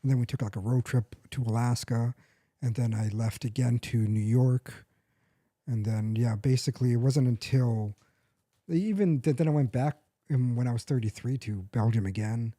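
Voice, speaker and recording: A man in his forties talks in a relaxed podcast chat, his voice mellow and dark. He rambles, backtracks to correct himself and laughs easily, recorded close and dry. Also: mid-range voice, moderate pace, dry recording. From United States. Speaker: podcast co-host. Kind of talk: casual chat.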